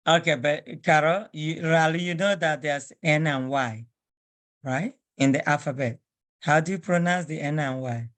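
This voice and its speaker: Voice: mid-range voice, normal speed, a bit bright. Firm teacher drilling spelling on a call. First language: Igbo. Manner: firm and corrective, spells words out letter by letter. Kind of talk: online class, spelling drill. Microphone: video call.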